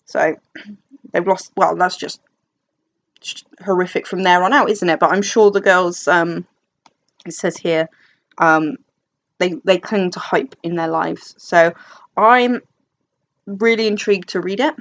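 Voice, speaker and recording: A woman's voice: lowish voice, measured pace, pauses often. A young woman from England chatting casually about books, rambling and self-deprecating with many fillers and restarts. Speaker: book vlogger. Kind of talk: casual chat. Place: dim room at home.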